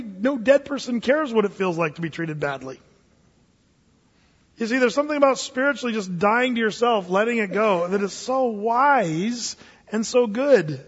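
A man preaching a lively, jokey sermon as pastor, acting out little scenes for his church. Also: sits high, moderate pace, husky. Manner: animated, jokey, acts out voices. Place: church hall. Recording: echoey hall, dull lo-fi sound.

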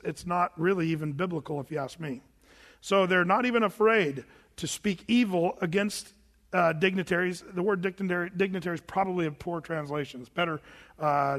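Man preaching, high voice, conversational sermon, long hall reverb. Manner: conversational preaching, mimics shouting televangelists. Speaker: pastor.

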